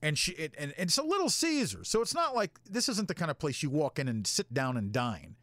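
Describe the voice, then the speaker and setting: Animated, profane male storyteller. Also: a little high, brisk, no echo. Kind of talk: casual storytelling.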